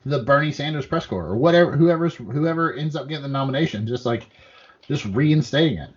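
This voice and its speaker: A man's voice: mid-range voice, animated, fairly quick, dull audio. A man co-hosting a podcast, talking casually about politics, rambling and profane, often acting out what others said. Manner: profane, rambling, acts out quotes. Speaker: podcast co-host.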